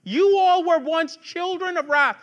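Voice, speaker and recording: A pastor with a very high, bright, forceful voice preaches to his congregation in a conversational way, full of asides and restarts, before building to fervent rhetorical questions. He keeps a measured pace, and the audio sounds dull.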